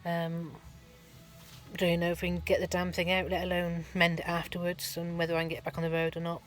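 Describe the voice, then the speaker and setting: A woman's voice: on the low side, monotone, fairly quick, soft background music. A middle-aged woman, giving a rambling, chatty vlog update from her van at a garage, full of ums and restarts. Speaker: van life vlogger.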